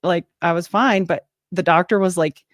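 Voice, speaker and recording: A woman's voice: lowish voice, normal speed, no room sound. A woman in her forties, a nurse and podcaster, telling stories in a casual interview and acting out what other people said. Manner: lively storyteller, acts out what others said. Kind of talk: casual storytelling chat.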